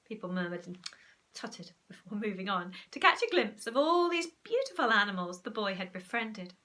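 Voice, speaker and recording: A woman teacher, reading a storybook aloud in an animated, expressive way. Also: mid-range voice, normal speed.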